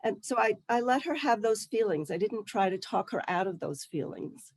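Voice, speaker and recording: Calm woman facilitator, dry sound. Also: medium pitch, moderate pace, slightly rough, dry recording. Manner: calm, reflective and explanatory. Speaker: workshop facilitator. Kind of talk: teaching through role-play.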